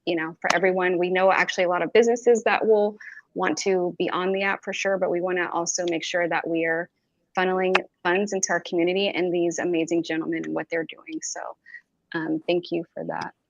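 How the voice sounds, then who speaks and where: A woman's voice: lowish voice, fairly even intonation, brisk, highs cut off, a little hiss or hum. A woman co-hosting a casual panel, chatting with plenty of fillers. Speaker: panel co-host.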